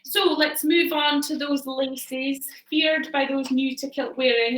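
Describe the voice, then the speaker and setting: A woman's voice: sits high, fairly bright tone, recorded from a distance. A woman presenting a live shop chat from home, explaining things with many ums and small hesitations. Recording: echoey room, away from the mic.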